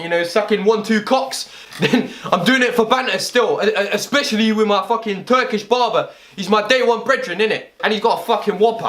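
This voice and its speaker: A young man with a London accent and a high-pitched voice delivers comedic rhymes. Between them he breaks them down in deadpan street slang for his video audience. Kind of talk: comedic rap with spoken explanations.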